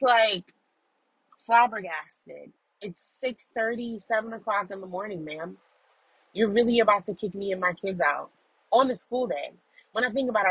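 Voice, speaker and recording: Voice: medium pitch, sharp tone, breathy edge, dry recording, low-quality recording. A person recording a casual audio journal in a car while driving, telling a story in an emphatic, profane way. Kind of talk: casual venting monologue.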